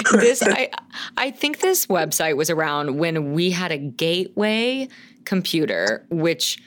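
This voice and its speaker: A woman with a strikingly low, deep-set voice chats casually as a podcast co-host. She is in her thirties, rambles from thought to thought, and gushes with plenty of casual swearing. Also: big pitch swings, measured pace. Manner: gushing, rambling, swears freely. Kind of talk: casual chat.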